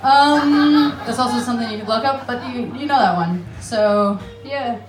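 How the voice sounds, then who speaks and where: Her voice is a little high and moves at a moderate pace, in a roomy space with crowd noise around her. She's a woman from Alaska, American-accented, performing brash, profane, self-deprecating stand-up with laughing asides on a comedy club stage in Amsterdam.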